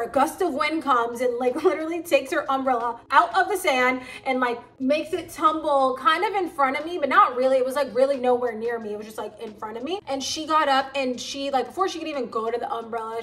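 A woman wellness vlogger telling a personal story in a casual, chatty way, full of "like" fillers. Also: on the high side. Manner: chatty, frequent "like" fillers, animated retelling.

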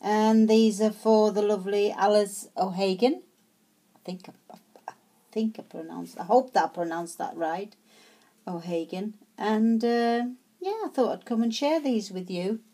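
A woman's voice: mid-range voice, moderate pace, warm tone. A woman chatting casually as she shows her handmade tags, hesitant with many fillers and restarts. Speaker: craft vlogger. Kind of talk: casual show-and-tell.

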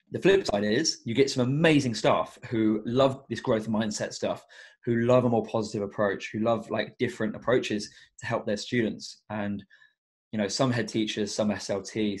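A young man speaks in a fairly low voice as a podcast guest. He sounds earnest and reflective and fills his talk with frequent ums and likes. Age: young adult. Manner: earnest and reflective, with many fillers. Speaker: guest, education coach. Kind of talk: casual podcast interview.

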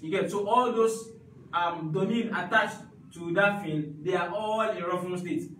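A man's voice: high-pitched, a little slow, fairly bright tone, a little hiss or hum. A man teaching an Arabic grammar class, explaining step by step and often checking with his students. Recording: echoey room, mic at a distance.

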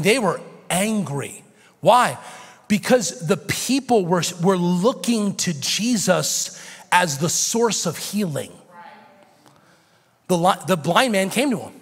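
An American pastor in his forties preaching a sermon, swinging from shouted intensity to a hushed near-whisper. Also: high voice, sing-song, unhurried, pauses often. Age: 40s. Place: church sanctuary. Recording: reverberant church sanctuary.

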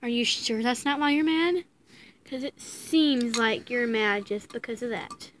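A woman's voice: on the high side, fairly even intonation, measured pace, slight background noise, close to an everyday voice. A woman voicing a cocky male gelding horse who taunts and boasts in toy horse play-acting. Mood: teasing.

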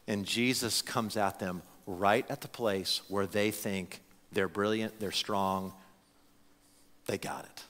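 A male pastor preaching a sermon to his congregation in an animated, conversational way, often restarting his phrases. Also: medium pitch. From United States. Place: church sanctuary. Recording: long hall reverb.

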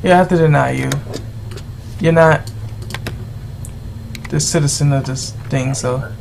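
A gamer giving rambling, exasperated commentary while playing, yelling at the game's characters. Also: mid-range voice, measured pace, gravelly, slight background noise. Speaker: let's play gamer. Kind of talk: gameplay commentary.

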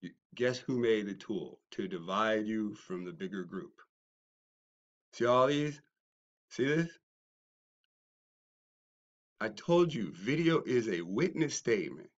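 A man's voice: expressive, measured pace, highs cut off. Man ranting in a mocking callout video. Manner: mocking, swings from low muttering to shouting. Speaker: YouTuber. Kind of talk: confrontational response video rant.

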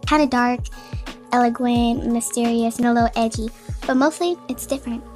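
A woman's voice: on the high side, fairly even intonation, normal speed, a little mellow, faint music behind, natural voice. A woman voicing an ambitious young female fashion designer, speaking earnestly about her first collection.

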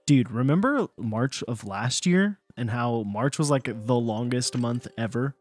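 A man co-hosting a casual livestream, relaxed and chatty, with a lot of fillers. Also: medium pitch, a little slow, faint music behind. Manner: relaxed, lots of "dude" and fillers. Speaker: co-host.

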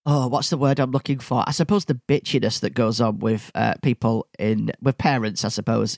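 A man's voice: medium pitch, no room sound, clean studio sound. A man hosting a podcast, telling stories in an exasperated, sarcastic way. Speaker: podcast host. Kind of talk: casual solo podcast rant.

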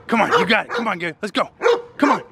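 A man's voice: high-pitched, huge pitch swings, rapid-fire, creaky. A man casually vlogging outdoors by a pool, playfully coaxing his dog and putting on joking voices for it. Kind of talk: casual vlog narration. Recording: noisy outdoor recording.

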